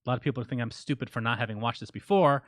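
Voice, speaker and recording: A man co-hosting a casual podcast, ribbing his partner in a deadpan way and reading out listener shout-outs. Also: medium pitch, racing, no echo. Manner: dry teasing, deadpan ribbing. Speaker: podcast co-host.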